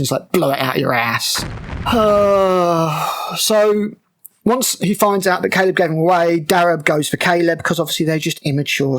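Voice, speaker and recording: A man's voice: fairly high pitch, a bit bright. A man giving a sarcastic, exasperated breakdown of a TV episode, mocking it as he goes. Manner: exasperated, mocking, with frequent fillers and restarts. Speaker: TV show reviewer.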